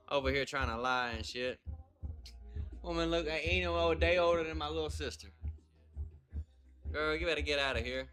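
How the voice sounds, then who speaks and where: A man's voice: fairly high pitch, moderate pace, pauses often, fairly bright tone, clean tone, faint music behind. A man hosting a casual live stream, laughing a lot and swearing as he reads chat comments aloud into a laptop mic.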